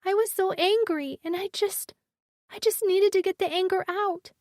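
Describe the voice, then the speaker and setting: A frightened little girl speaks in a high, trembling voice that stays close to tears, as a woman narrator puts her on. She talks earnestly, and the sound is dry and close. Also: normal speed, a little mellow, no room sound. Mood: tearful.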